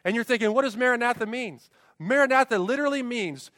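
A man's voice: very high-pitched, fast talker, a bit bright, no room sound, clean studio sound, in a large hall. A man preaching a sermon as pastor, emphatic, with rhetorical questions and repeated refrains.

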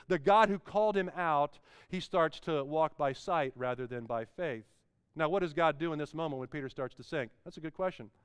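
A man's voice: sits high, clean tone, dry recording, clean studio sound. A man preaching a sermon as pastor, with swelling emphasis and repeated phrases.

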